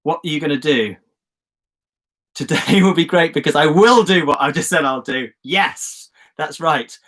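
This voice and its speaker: A man's voice: a little high, normal speed, a bit bright. A man from England hosting a live online journaling session, chatty and encouraging, calling out viewers' comments with enthusiasm. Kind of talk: casual live-stream coaching. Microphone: phone or webcam on a live stream.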